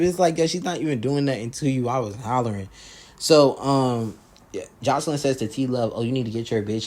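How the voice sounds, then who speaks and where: A man casually recapping a reality show episode in heavy slang, laughing often and acting out the quotes loudly. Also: fairly low pitch.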